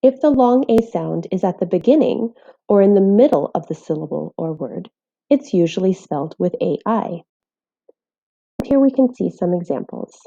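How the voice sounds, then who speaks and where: A woman teaching phonics in a scripted voice-over, speaking clearly and carefully while sounding out letters. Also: mid-range voice, expressive, moderate pace, mellow, dull audio. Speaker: literacy teacher.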